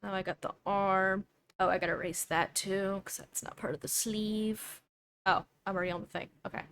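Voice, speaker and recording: A woman's voice: mid-range voice, fairly even intonation, moderate pace, fairly bright tone. A young woman streamer chatting casually while she draws, thinking aloud and doubting herself as she goes. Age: young adult.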